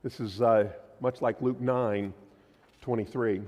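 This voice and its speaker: A man preaching a sermon as pastor, emphatic, his voice swinging from loud declarations to quiet, low lines. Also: fairly even intonation, takes it slowly. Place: church sanctuary. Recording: long hall reverb.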